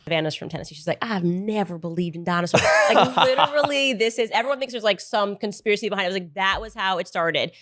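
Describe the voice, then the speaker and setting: A woman's voice: mid-range voice, expressive, fast, few pauses, a bit bright, no room sound, studio quality. A woman talking in a casual, incredulous and mocking monologue, heard in a played clip.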